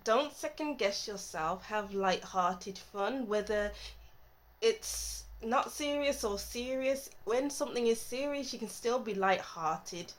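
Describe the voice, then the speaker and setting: A woman talks through a tarot reading at a leisurely pace, her voice sitting slightly high. She is playful and given to giggles, then turns soft and reflective as she reads intuitive messages. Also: animated, slow, rough recording. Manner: playful and giggly, breaks into song and laughter. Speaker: tarot reader. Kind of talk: casual tarot reading monologue.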